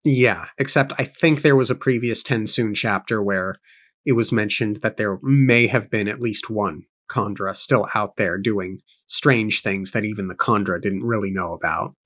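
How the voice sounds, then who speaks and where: A man's voice: on the low side, normal speed, fairly bright tone. A man co-hosting a book-club podcast, reading aloud and musing in a thoughtful, self-correcting way. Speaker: podcast co-host.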